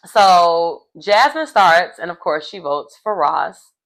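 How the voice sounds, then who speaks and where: Animated woman recapping a show. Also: on the low side, takes it slowly, poor audio. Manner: animated storyteller acting out quotes. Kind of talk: casual episode recap.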